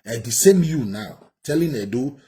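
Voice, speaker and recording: A man's voice: medium pitch, expressive, normal speed, warm tone. A Nigerian man giving heated, indignant commentary, ranting and repeating himself.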